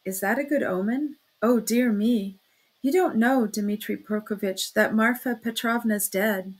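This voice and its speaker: A woman's voice: on the high side, unhurried. A woman voicing an anxious, fluttering older mother who speaks timidly and keeps exclaiming, reading a classic novel aloud. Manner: flustered, exclaiming.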